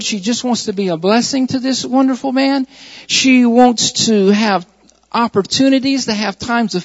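A man's voice: extremely high pitch, creaky. A man preaching a sermon, reading scripture aloud and then explaining it with repeated emphasis. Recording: muffled hall recording.

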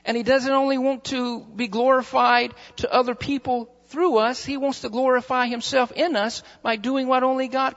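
A man's voice: very high-pitched, little pitch movement, moderate pace, hardly any pauses, fairly bright tone. A male pastor preaching a fervent sermon, repeating his phrases for emphasis in a church sanctuary. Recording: muffled recording with long hall reverb.

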